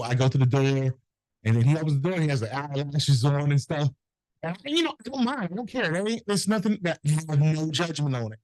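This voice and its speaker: A middle-aged notary business owner acts out the characters in his animated, foul-mouthed stories during a relaxed interview. His voice sits at a medium pitch, captured in a dry, rough recording.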